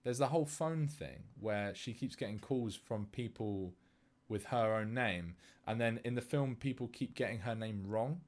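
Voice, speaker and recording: A man's voice: medium pitch, moderate pace. A man co-hosting a podcast, chatting casually about films with lots of fillers and restarts. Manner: animated, many fillers and restarts. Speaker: podcast co-host. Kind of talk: casual film discussion.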